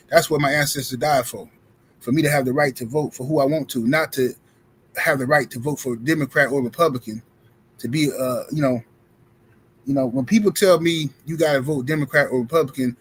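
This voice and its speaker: A man's voice: a little high, a little hiss or hum, rough recording. A man hosting a live stream, speaking bluntly in casual commentary and often repeating his phrases. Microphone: streaming setup mic.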